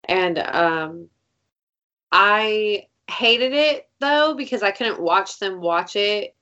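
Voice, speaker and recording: A woman chatting casually as a podcast co-host, her voice of medium pitch. She tells stories in an animated way, acting out what people said and swearing freely. The sound is a little dull and lo-fi. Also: drawn-out words. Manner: animated storytelling, acts out quotes, swears freely. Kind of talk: casual chat.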